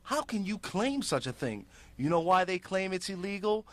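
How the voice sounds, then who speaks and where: A man's voice: high voice, big pitch swings, moderate pace, fairly bright tone, dry recording. A man hosting a public access show, delivering impassioned political commentary in a fiery, ranting, emphatic way.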